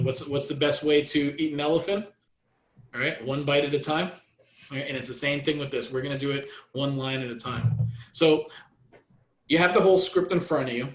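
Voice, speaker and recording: A man coaching real estate agents in a training session, energetic and repetitive. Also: medium pitch, reverberant, low-quality recording.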